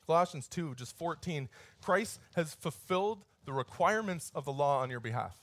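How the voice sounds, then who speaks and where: A man's voice: a little high, expressive, moderate pace, fairly bright tone, dry recording. A male pastor preaching a sermon in a conversational, storytelling way, his voice lifting and pushing harder on key points.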